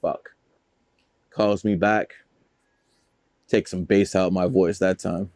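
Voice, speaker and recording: A man's voice: low voice, little pitch movement, slow, a little mellow, no room sound. A man telling stories as a guest in a casual interview, boastful, profane and rambling. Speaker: guest, numerologist.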